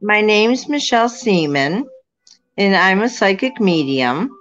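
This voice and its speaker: A woman in her sixties, a guest psychic medium, answering interview questions at an unhurried pace with fillers and restarts. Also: medium pitch, big pitch swings, fairly bright tone, lo-fi sound, soft background music. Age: 60s.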